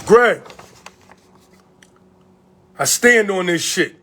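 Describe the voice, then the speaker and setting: A man from Connecticut with a notably high voice delivers a confrontational vlog rant. He swears freely and fires off repeated questions. He sounds like a community organizer calling people out. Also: expressive, extremely slow, fairly bright tone, a little hiss or hum. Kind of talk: heated direct-to-camera rant.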